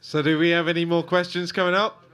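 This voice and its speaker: A man hosting a live podcast, dropping in brisk, teasing interjections and managing the queue of questions. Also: a little high, little pitch movement, a bit bright. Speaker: podcast host.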